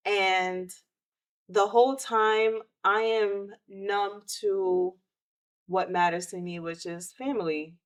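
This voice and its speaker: A woman's voice: medium pitch, slow pace. Woman sharing a grief story. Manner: emotional, animated retelling with quoted outbursts. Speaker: podcast host. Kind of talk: personal storytelling.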